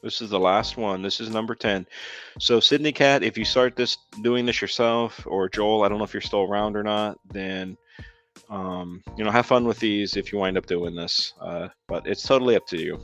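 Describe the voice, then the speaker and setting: Low-voiced man rambling on a live stream. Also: moderate pace, fairly bright tone. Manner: rambling, reads viewer comments aloud, frequent ums. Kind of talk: casual live stream chat. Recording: dull lo-fi sound with faint music.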